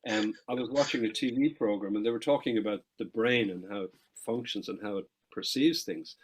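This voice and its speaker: A middle-aged Irish man, a guest musician in an interview, telling lively anecdotes with quick asides and casual swearing. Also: lowish voice, slight background noise, rough recording.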